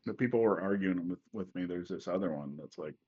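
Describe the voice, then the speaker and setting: Husky-voiced man podcast host, laughing. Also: low-pitched, a little fast, darkish tone, highs cut off. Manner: laughs a lot, swears casually. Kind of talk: casual chat.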